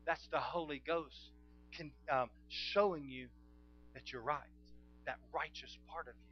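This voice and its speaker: A man preaching. He calls out to the congregation and swings between hushed and loud. The recording sounds dull and lo-fi, as if taped in a church sanctuary. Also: on the high side, a little hiss or hum. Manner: emphatic preaching with call-and-response, swinging from soft to loud. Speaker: pastor. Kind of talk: sermon.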